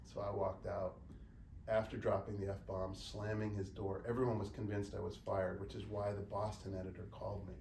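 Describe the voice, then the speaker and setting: Gravelly middle-aged man telling stories to students. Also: lowish voice, moderate pace. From United States. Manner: animated anecdotal storytelling with acted quotes. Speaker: guest speaker, journalist. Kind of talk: storytelling talk to students. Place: room with a small student group. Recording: echoey room, distant mic, faint noise.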